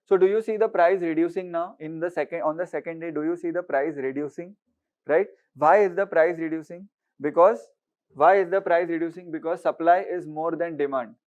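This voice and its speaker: Indian english guy teaching econ, kinda high voice, throws in hindi words, muffled lo-fi audio. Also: steady tone, fairly quick, a little mellow. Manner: explains with everyday market stories, acts out haggling sellers; mixes Hindi words into English, asks "right?" often. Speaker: economics teacher. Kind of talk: online exam-prep lecture.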